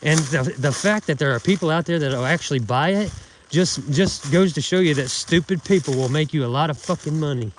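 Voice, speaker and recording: A man's voice: on the high side, a little fast, a little hiss or hum. A man hosting an outdoors channel, delivering a profane, mocking, indignant rant while out in the woods. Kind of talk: casual ranting vlog.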